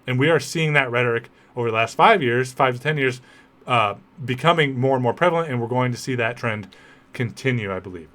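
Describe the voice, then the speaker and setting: A male podcast host talks through a political commentary monologue in a medium-pitched voice. He keeps it conversational, checking in with listeners through quick rhetorical asides. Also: fairly bright tone.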